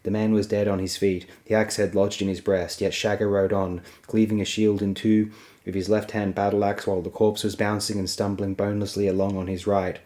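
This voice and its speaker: A man reading a fantasy novel aloud as an audiobook, in a steady, even storytelling manner. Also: lowish voice, fairly quick. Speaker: audiobook reader.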